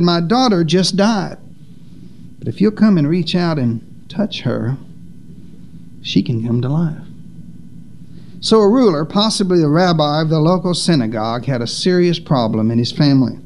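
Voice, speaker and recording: A man preaching a sermon, with dramatic pauses and sharp drops in pitch for emphasis. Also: a little hiss or hum.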